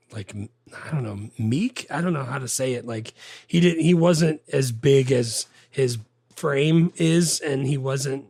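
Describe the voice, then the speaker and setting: A man co-hosting a casual movie podcast, rambling and getting animated when he quotes lines. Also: medium pitch, gravelly, slightly rough, dry recording, clean studio sound. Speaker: podcast co-host.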